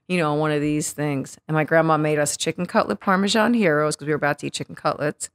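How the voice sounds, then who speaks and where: Animated, cursing New woman telling stories. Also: low-pitched, fast talker, hardly any pauses. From Queens, New York. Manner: animated, profane, acts out quotes. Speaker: podcast guest. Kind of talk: casual storytelling interview.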